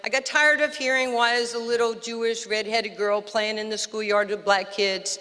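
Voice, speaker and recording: Animated New York woman telling stories. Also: fairly high pitch, normal speed, clean tone, big-room sound. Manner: animated storyteller, acts out quotes. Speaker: guest speaker. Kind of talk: storytelling speech. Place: outdoor park dedication.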